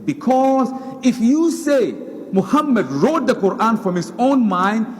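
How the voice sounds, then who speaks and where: A man's voice: very high-pitched, animated, a little slow, long reverb tail. A man preaching a sermon, emphatic, repeating words for stress. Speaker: Islamic preacher. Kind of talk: sermon lecture.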